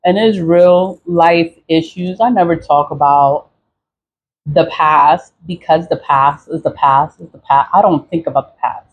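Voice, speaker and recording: A woman's voice: low voice, measured pace, muffled recording. A woman venting in a casual, profane monologue, repeating herself and laughing between lines. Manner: angry, profane, repetitive venting. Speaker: vlogger.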